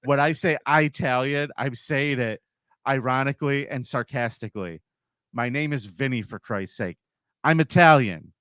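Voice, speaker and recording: A man's voice: medium pitch, moderate pace, fairly bright tone, dry recording. Podcast cohost guy, blunt, curses a lot, dry close mic. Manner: blunt, swears freely. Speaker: podcast co-host. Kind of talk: casual chat.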